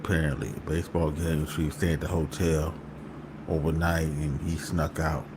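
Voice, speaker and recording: A man's voice: a bass voice, flat delivery, moderate pace, background noise. A man hosting a casual livestream, talking in a loose, joking, slangy way. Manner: loose, joking and slangy, often trailing into laughter. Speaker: host.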